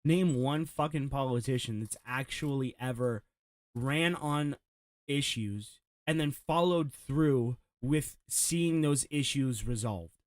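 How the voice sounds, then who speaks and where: A man's voice: mid-range voice, slow, no room sound. A man, a streamer, mocking a clip with sarcastic reaction commentary and laughing asides.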